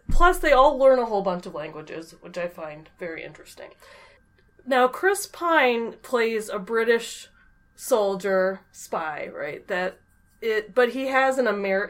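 A woman hosting a podcast, asking questions in a chatty way and laughing easily. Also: on the high side. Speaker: podcast host. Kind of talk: podcast interview.

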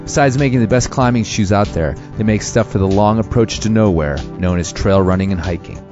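A man's voice: lowish voice, fairly quick. A man reading a scripted ad with a wry, tongue-in-cheek manner. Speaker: podcast host reading an ad. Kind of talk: scripted ad read. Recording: dull lo-fi recording with guitar music.

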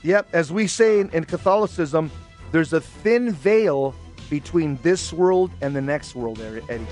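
A man co-hosting a talk show, telling stories in a lively way and acting out the voices of the people in them. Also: fairly high pitch, a little slow, soft background music. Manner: animated storyteller, acts out quoted voices. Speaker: co-host. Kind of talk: casual radio talk, storytelling.

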